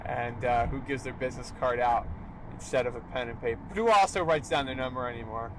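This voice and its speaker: A man's voice: medium pitch, brisk, noisy background. A young man hosting a solo podcast, talking emphatically and tagging "all right" onto his points. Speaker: podcast host.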